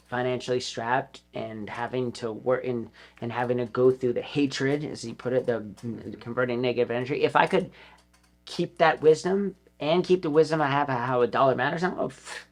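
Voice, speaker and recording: Man, middle-aged, podcast guest, rambling, swears a lot, laughs often, mid-pitched voice. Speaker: guest, former pro skater. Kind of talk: casual podcast interview. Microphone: podcast studio mic.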